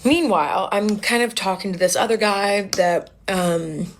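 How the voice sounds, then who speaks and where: A woman's voice: medium pitch, measured pace, a little hiss or hum. A young woman telling a casual, rambling story to camera about canceled dates, sounding annoyed.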